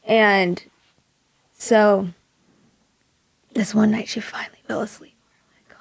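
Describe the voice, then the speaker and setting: A young woman from Maui tells a personal story as a guest in an interview. Her voice carries a strong gravelly fry, and she speaks softly, often slipping into a near-whisper for quoted thoughts. The sound is dry and close, with no room around it. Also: medium pitch, little pitch movement, slow pace, pauses often, no echo. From Maui, Hawaii. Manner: soft-spoken, drops to a hush for quoted thoughts. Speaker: singer-songwriter guest.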